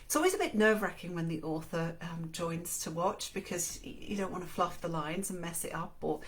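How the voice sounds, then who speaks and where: Chatty, cheerful woman with a lowish voice. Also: a little fast, a little hiss or hum. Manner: chatty and cheerful, with little fillers and self-corrections. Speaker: podcast host and reader. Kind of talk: casual chatty episode introduction.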